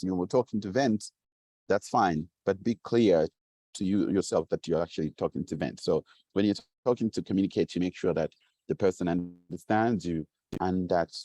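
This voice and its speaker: A man's voice: low voice, mellow, no echo. A man giving a motivational teaching talk, emphatic and repetitive, acting out quoted voices. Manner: emphatic, repeats key phrases, acts out quoted voices.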